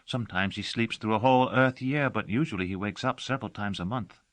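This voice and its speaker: A man's voice: lowish voice, brisk, dry recording, pitched above the performer's own voice, lightly acted. A man reading an audiobook, voicing a devoted young female servant who talks earnestly and dotingly. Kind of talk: audiobook character voice.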